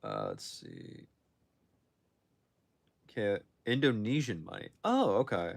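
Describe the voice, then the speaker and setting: Taking it slowly, a young man with a fairly low, gravelly, slightly rough voice and huge pitch swings chats casually on a livestream from his phone. Answering viewers' questions, he keeps restarting and self-correcting.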